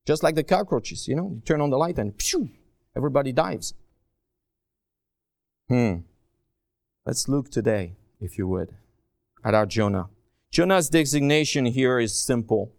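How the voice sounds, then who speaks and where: A man preaching a sermon as a guest speaker, animated and joking, swinging between quiet low asides and raised emphatic cries. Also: a little slow, gravelly, long pauses, no echo, clean studio sound. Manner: joking, self-deprecating asides.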